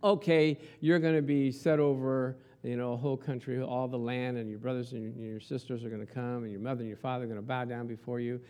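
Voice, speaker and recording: A man's voice: medium pitch, fairly even intonation, brisk, few pauses, a little mellow. A man preaching a conversational sermon, telling a story and asking his listeners rhetorical questions along the way. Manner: chatty, asks the congregation rhetorical questions. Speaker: pastor.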